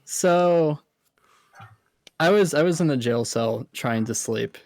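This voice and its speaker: A man's voice: on the high side, animated, slow pace, a little mellow, no room sound, studio quality. A man playing a drunk, sleepy male medic guard in a tabletop game, stammering and repeating words. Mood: grumbling. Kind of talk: tabletop role-play in character.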